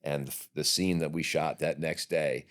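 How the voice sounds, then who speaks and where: A man's voice: very deep voice, normal speed. A man in his fifties from New York, telling stories casually on a podcast as a guest, swearing freely and acting out what others said. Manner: profane, animated, acts out quotes. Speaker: podcast guest, actor and fighter. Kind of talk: casual storytelling.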